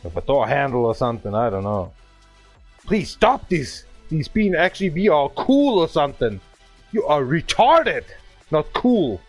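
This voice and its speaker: A man's voice: high voice, no echo. A man from Bavaria with a German accent, ranting profanely and hurling insults at another player during a gaming livestream. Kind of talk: angry livestream rant.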